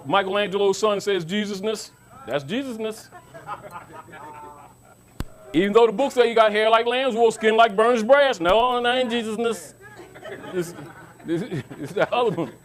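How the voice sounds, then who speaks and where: A man giving an informal teaching talk to an audience, emphatic and repetitive, often asking whether his listeners understand. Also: high-pitched. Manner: emphatic, repeats himself, asks listeners if they understand. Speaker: lecturer.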